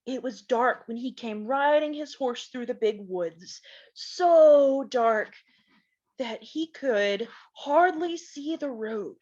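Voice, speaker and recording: A woman voicing a warm, playful pioneer father who tells his daughters stories by the fire, speaking in a gently teasing, fond way. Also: very high-pitched, takes it slowly, dull audio, exaggerated voice. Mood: storytelling.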